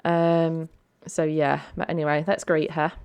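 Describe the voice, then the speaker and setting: A woman's voice: deep voice, level tone, unhurried, a little mellow, smooth. A woman chatting casually over a life-sim game she is playing, with lots of ums and a chatty manner. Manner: chatty, filler-heavy. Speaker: let's play host. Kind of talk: casual gameplay commentary.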